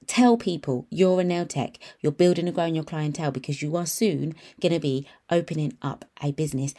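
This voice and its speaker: Low-voiced upbeat woman. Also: dark tone. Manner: upbeat, encouraging, emphatic. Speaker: podcast host and nail tech mentor. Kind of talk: motivational podcast monologue.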